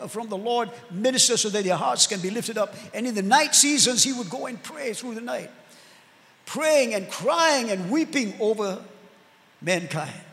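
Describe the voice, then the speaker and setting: High-voiced preacher in a reverberant hall. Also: male voice, fairly bright tone. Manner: earnest preaching with drawn-out emphatic words and calls of amen. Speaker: pastor. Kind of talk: sermon.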